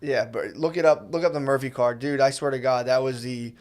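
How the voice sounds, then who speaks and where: A man's voice: mid-range voice, brisk, darkish tone. A man in his thirties co-hosting a podcast, telling a rambling, profane story and acting out the people in it. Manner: rambling, profane, restarts often, acts out quoted voices. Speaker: podcast co-host. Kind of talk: casual comedic storytelling.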